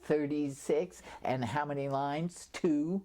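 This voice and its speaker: An older woman with a notably low voice recounts her past in an oral history interview. She tells it as a chatty storyteller, full of lively asides. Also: slow pace. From California, USA.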